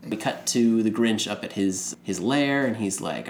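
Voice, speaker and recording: A man with a fairly low voice talks through a movie recap in a loose, rambling way, slipping into the characters' lines as he tells it. The room is noticeably echoey, and faint background noise sits under his voice. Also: lively intonation, a little slow, hardly any pauses. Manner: rambling, retells scenes with acted quotes. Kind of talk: casual movie recap chat.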